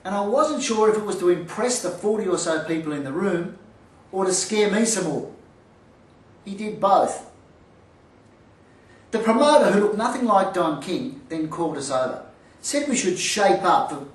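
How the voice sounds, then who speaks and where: Comic storyteller, self-mocking, recorded from far off in a roomy space. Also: male voice, high-pitched, a little slow, long pauses. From Australia. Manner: lively, self-mocking, punchline timing. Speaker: storyteller, former boxer.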